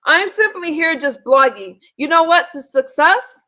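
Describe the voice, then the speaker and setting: A woman's voice: high-pitched, lively intonation, measured pace, bright, forceful tone. A woman hosting a live online panel, bluntly and profanely scolding her viewers. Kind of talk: live-stream chat, ranting to viewers.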